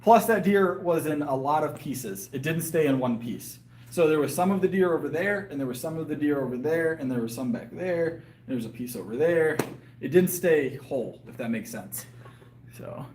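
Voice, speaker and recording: A man with a fairly high voice chats loosely with his live viewers, trailing off and restarting with plenty of ums and uhs. His voice sounds a little worn, and he is outdoors in a yard. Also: expressive, normal speed, darkish tone, a little hiss or hum. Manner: rambling, hesitant, lots of fillers and restarts. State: voice getting worn. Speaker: livestreamer and powerlifter. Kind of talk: casual live chat with viewers.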